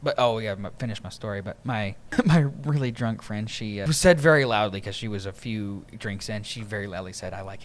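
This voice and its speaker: A man's voice: fairly low pitch, a little fast, few pauses. A young man hosting a podcast, rambling through casual stories and laughing often. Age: young adult. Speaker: podcast host. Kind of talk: casual chat.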